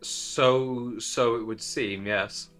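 A worn but dignified adventurer, voiced by a man who picks formal words and speaks very slowly. Soft music sits faintly behind. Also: medium pitch, fairly even intonation. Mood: wry. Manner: slow, stiff, formal phrasing. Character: formal, weary adventurer Gigi.

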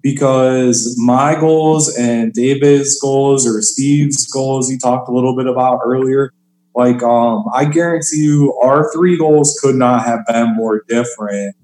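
A man's voice: medium pitch, steady tone, a little slow, a little mellow, roomy sound, rough recording. A man, a stand-up comedian, talking casually about his craft and filling his sentences with "like" and "you know". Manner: chatty, fills with "like" and "you know". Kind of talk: casual podcast conversation.

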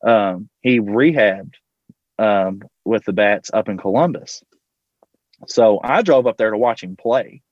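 A man's voice: on the low side, takes it slowly, no room sound. Casting a Louisville man as a podcast guest, a teacher-coach spinning a loose, rambling anecdote full of fillers. Muffled, dry recording. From Louisville, Kentucky. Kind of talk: casual storytelling.

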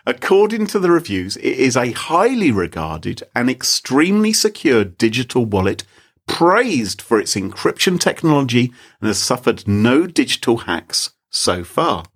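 A man co-hosting a podcast, telling a story in a casual, animated way and laughing often. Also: mid-range voice, normal speed, slightly rough. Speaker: podcast co-host. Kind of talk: casual chat.

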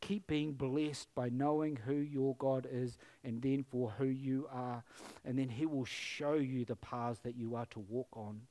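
A man's voice: medium pitch, fairly even intonation, unhurried, mellow. A middle-aged male pastor giving an emotional, earnest sermon in church and closing in prayer, pleading with his listeners.

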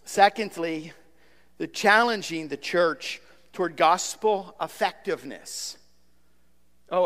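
A male pastor preaching a sermon, emphatic, repeating phrases and swinging between loud outbursts and soft, low asides. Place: church sanctuary. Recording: long hall reverb.

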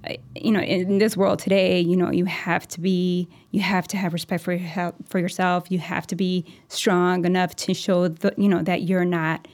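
A woman's voice: on the low side, level tone, darkish tone. A woman in her thirties talking casually as an interview guest, chatty and full of fillers. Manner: chatty, many "you know" fillers, quick laughs. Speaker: mortgage lender, interview guest.

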